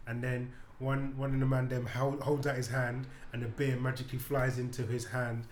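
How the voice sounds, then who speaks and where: A man with a London accent hosting a podcast, telling stories in a playful, animated way. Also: medium pitch, normal speed, slight background noise. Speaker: podcast host. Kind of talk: casual chat.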